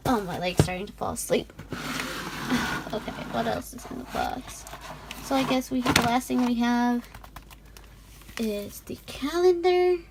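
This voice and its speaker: A young woman vlogger gushing through an unboxing in casual chat, often dropping into soft whispered asides. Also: a little high, background noise.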